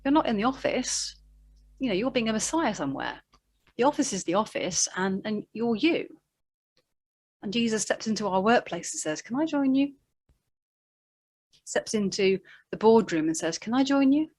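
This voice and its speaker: A woman preaching a sermon, telling a Bible story with animated delivery and acted-out quotes. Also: mid-range voice, normal speed.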